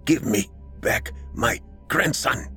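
A man's voice: medium pitch, animated, slow pace, bright, forceful tone, faint music behind, voice pushed up. Man doing a quivering frail old grandfather. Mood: pleading. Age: older. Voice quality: quivering, wheezing. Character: frail elderly grandfather, terrified. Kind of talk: horror story narration.

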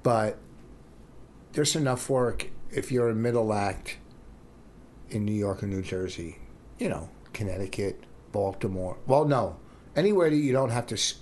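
A man's voice: on the low side, expressive, normal speed, pauses often, darkish tone, a little hiss or hum. A man comedian co-hosting a podcast, chatting casually in a rambling, self-interrupting way. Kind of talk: casual chat.

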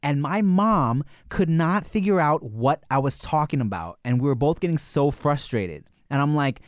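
A man co-hosting a casual podcast, telling stories from his childhood in a loose, laughing way. His pitch jumps around a lot as he acts out the people in his stories. The sound is close and dry. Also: moderate pace, hardly any pauses, no room sound. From United States. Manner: animated storytelling, swearing, laughing often. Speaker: podcast co-host. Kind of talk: casual chat.

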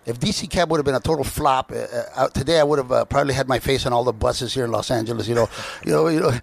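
Gravelly, husky man telling stories. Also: medium pitch, dry recording. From United States. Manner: halting, with frequent restarts and filler words; lively anecdotes with put-on voices for other people. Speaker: guest. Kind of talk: storytelling interview talk.

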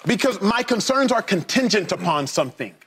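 A man on a sports debate panel, calmly laying out his reasoning step by step. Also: high voice, slight background noise. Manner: measured, lays out his reasoning.

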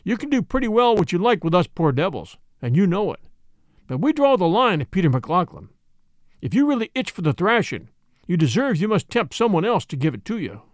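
Man doing a cool posh-ish bush gent, firm, talks nice and clear. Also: sits high, big pitch swings, a little fast, dry recording, clean studio sound. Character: tall, gentlemanly male bushman, cool and firm.

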